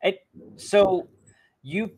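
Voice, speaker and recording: A man hosting an interview, asking halting questions with restarts and quick affirmations. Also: sits high, gravelly, a little mellow, husky. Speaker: interview host.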